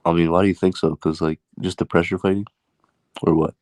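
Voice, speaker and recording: A very deep-voiced man speaks in a flat, even tone, hedging and restarting as he weighs boxing matchups. The sound is dry and close. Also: a little fast, no room sound. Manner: hesitant, lots of likes and restarts. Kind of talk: casual boxing debate.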